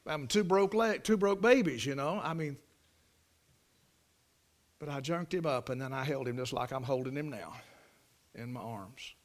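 A man preaching a sermon in a folksy storytelling way, swinging from loud emphasis to hushed near-whispers. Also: medium pitch, moderate pace, long pauses.

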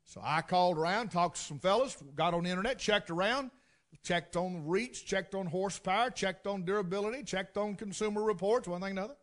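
A man's voice: high-pitched, brisk, fairly bright tone. A man with a Southern US accent telling a folksy story with dry humor.

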